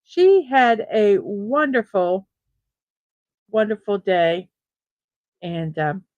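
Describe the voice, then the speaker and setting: A woman's voice: medium pitch, lively intonation, extremely slow, no room sound, narrow, tinny audio. A woman hosting a casual daily morning livestream from home, chatty and easily distracted, greeting chatters one by one. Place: room at home with a fan running.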